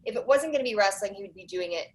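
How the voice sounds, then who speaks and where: A woman's voice: medium pitch, rough recording. Chatty woman telling a long story. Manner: animated storytelling, quick asides. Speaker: podcast guest, documentary producer. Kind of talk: casual interview chat.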